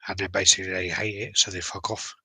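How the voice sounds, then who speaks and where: A man's voice: sits low, level tone, fast talker, bright, forceful tone, husky, dry recording, low-quality recording. A man hosting a casual podcast, swearing freely and rambling through stories. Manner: swears freely, loose storytelling with fillers. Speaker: podcast host.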